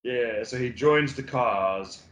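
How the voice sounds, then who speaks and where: Slow-talking co-host in a roomy echo. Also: male voice, medium pitch, fairly bright tone. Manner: halting, full of fillers, acts out characters in mock voices. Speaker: podcast co-host. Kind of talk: casual film review chat.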